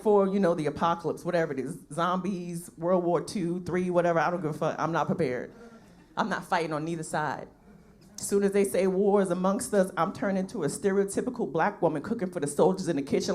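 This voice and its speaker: A woman's voice: fairly low pitch, lively intonation, fairly quick, a bit bright. A woman comedian from New performs a stand-up set in a brash, profane, conversational way, often tossing in tag questions. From New York.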